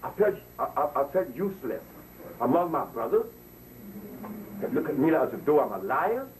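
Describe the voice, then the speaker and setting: Preachy man with a lively voice. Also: fairly high pitch, moderate pace. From Honduras. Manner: preachy, emphatic, storytelling with acted quotes. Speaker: herbalist speaker. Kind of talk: public lecture to an audience. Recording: distant mic with faint noise.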